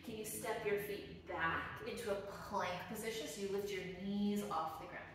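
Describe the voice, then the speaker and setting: A woman teaching a children's yoga class, giving gentle, encouraging and playful instructions. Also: medium pitch, moderate pace. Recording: very echoey room, voice from a distance, faint noise.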